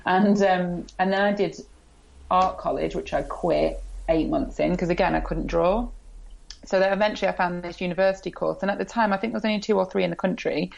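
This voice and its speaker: A woman's voice: fairly low pitch, a little fast, vocal fry, darkish tone, muffled recording. A woman with an English accent, a blogger guest speaking candidly and with self-deprecating humour in a casual interview.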